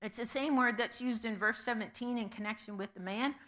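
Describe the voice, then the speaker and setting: A woman teaching a Bible study in a conversational way, posing questions to the class and pausing with frequent ums. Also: on the high side, fairly bright tone.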